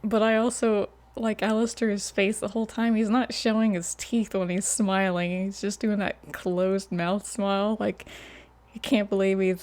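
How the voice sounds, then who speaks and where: A woman's voice: mid-range voice, flat delivery, unhurried, a little mellow. A woman hosting a reaction video, chatting casually and laughing often. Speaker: host. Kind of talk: reaction commentary.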